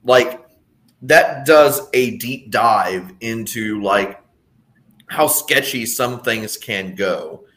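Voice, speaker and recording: A podcast co-host chats casually in long, rambling stretches, often restarting sentences and dropping sardonic asides. His medium-pitched voice is animated and a bit bright, with drawn-out words.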